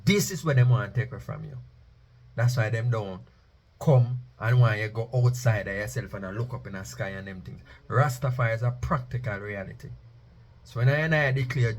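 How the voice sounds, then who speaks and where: In an emphatic sermon-like monologue, a Rastafari man preaches with a husky voice that roughens at the edges, pitched at an ordinary middle range. For effect, he slows down and chants his key phrases.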